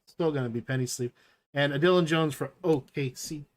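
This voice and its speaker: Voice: mid-range voice, brisk. A live-stream host chatting enthusiastically while opening packs and reading out each card as it appears.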